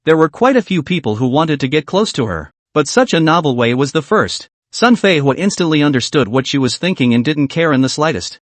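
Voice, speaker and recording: A man reading scripted story narration in a steady storytelling manner. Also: a little high, a little fast, few pauses, no room sound.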